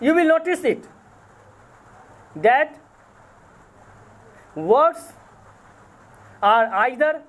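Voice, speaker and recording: Indian English college lecturer, high voice, very slow and deliberate, spells out and repeats words, self-correcting. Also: male voice, big pitch swings, fairly bright tone. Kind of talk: recorded lecture.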